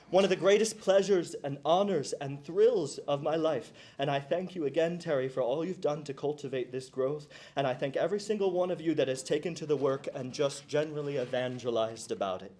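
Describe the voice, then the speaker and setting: High-voiced playful man giving a speech. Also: noisy background. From New Jersey. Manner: playful, self-mocking, with hesitant fillers. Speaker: commencement speaker and clown teacher. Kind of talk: graduation speech to a live audience.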